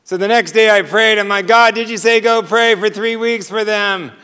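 A man with a high, bright, crisp voice tells a personal faith story from the pulpit. He is an animated storyteller who keeps chuckling at his own punchlines. His words ring out with a long hall reverb. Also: moderate pace. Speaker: preacher sharing testimony. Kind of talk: storytelling sermon.

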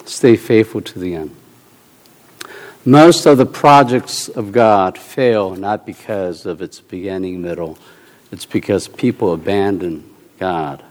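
A man preaching a sermon in an animated, storytelling way, repeating short phrases for emphasis and bursting into loud shouts. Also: fairly low pitch. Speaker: pastor. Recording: long hall reverb.

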